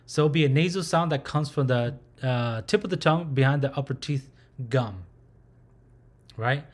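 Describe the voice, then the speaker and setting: A man's voice: medium pitch, moderate pace. A man teaching a recorded language lesson. He speaks patiently, sounds out syllables and repeats them aloud.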